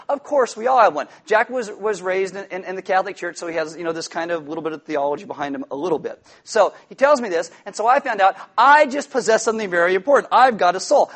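Guy preaching, kinda high voice, tells stories and does all the voices. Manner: storytelling, animated with quoted voices. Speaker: pastor. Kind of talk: sermon.

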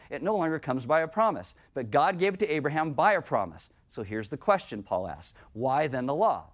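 A man preaching a sermon as pastor, reading scripture and breaking into joking, conversational asides to his congregation. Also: a little high.

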